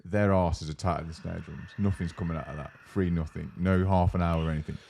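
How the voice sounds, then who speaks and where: Deep-voiced man telling stories. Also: fairly quick, gravelly, a little hiss or hum. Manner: animated storyteller, acts out coworkers' lines, swears freely. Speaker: podcast co-host. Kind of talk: casual chat.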